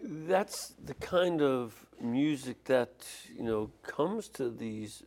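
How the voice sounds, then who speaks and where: A man, a priest hosting an interview, speaking calmly and prompting his guest with brief replies. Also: mid-range voice, slow. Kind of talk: conversational interview.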